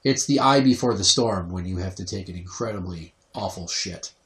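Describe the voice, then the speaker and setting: A man's voice: low-pitched, moderate pace. A man hosting a podcast, telling a comic story and acting out the people in it. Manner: animated, acts out quoted voices. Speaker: podcast host. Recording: roomy, slightly distant from mic.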